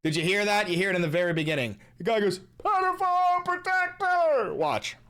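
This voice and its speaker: A man's voice: sits high, racing, heavy background noise. A young man hosting a commentary vlog, ranting in a heated, mocking and profane way. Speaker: host.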